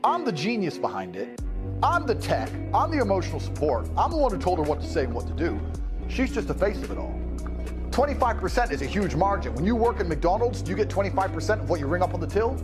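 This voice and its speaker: A man giving a brash, profane, mocking rant. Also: high-pitched. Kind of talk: ranting monologue. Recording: speech with music mixed in. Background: music.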